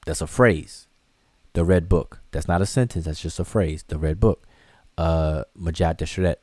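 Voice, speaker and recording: Deep, mellow-voiced man teaching a class. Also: normal speed, breathy edge, no room sound. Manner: loose, conversational explaining with frequent restarts and fillers. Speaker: hieroglyphics teacher. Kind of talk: live online class answering viewer questions.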